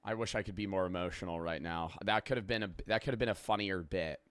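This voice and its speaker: A man's voice: deep voice, quick pace, a bit bright, smooth, no room sound. A young adult man chatting casually on a live stream, rambling and joking, swearing freely and thanking viewers for subs.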